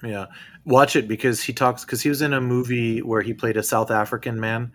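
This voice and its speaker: A man's voice: medium pitch, fairly even intonation, fairly quick, fairly bright tone. A middle-aged man hosting a podcast, easygoing and prompting others with questions in casual chat. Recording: faint background hiss.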